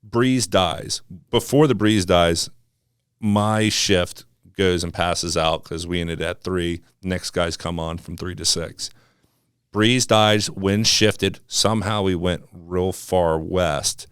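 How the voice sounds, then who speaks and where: A male podcast host with a very low, smooth voice, rambling easily and circling back over his words. He sounds close and clean, with no room echo at all. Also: takes it slowly. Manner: relaxed, rambling, lots of fillers and restarts. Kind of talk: casual interview conversation.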